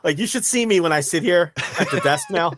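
A man with an Ohio accent teases and jokes in easy podcast banter. His voice sits fairly high for a man, and the sound is dry and close to the mic. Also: lively intonation, fairly quick, a bit bright, no room sound. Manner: teasing, joking. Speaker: podcast co-host. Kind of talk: casual chat.

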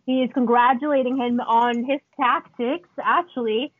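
A woman wrestler co-hosting a podcast, chatting excitedly and laughing often, acting out what she was thinking. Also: a little high, normal speed, husky, no room sound. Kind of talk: casual chat. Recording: tinny phone-like sound.

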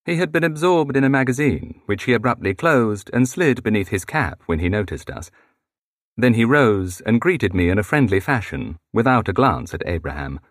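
A man's voice: very animated, normal speed, dry recording, studio quality. A man reading a historical novel aloud as an audiobook, shifting his voice for each character. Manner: shifts pitch to voice different characters. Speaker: audiobook narrator.

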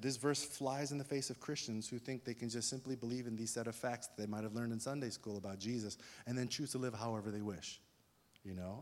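A man preaching a sermon as pastor, talking casually and often checking in with his listeners through questions. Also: on the low side. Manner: conversational, asks the congregation questions. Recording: long reverb of a large hall.

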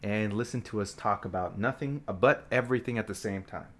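A man co-hosting a podcast in goofy, joking banter, loud and excitable. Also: on the low side, a little fast. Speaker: podcast co-host.

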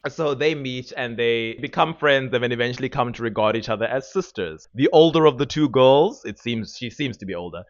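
A man's voice: medium pitch, animated, fairly quick, hardly any pauses, muffled recording. A man co-hosting a podcast, recapping a show in wry casual chat and laughing mid-sentence. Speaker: podcast co-host.

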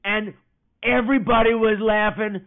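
A man hosting a podcast, telling stories in a profane, animated way. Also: high voice, normal speed. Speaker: podcast host. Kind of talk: casual comedic monologue. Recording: tinny phone-like sound.

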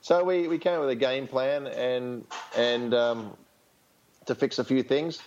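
A man's voice: mid-range voice, a little slow, darkish tone, dull audio, a little hiss or hum. An Australian man speaking as a tennis coach in an interview, frank and rambling, with many fillers and restarts. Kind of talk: casual interview storytelling.

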